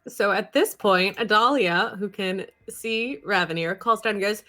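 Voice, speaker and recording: A woman's voice: mid-range voice, unhurried, sharp tone. A woman playing a tabletop game online, chatty and giggly. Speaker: player. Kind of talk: casual tabletop play.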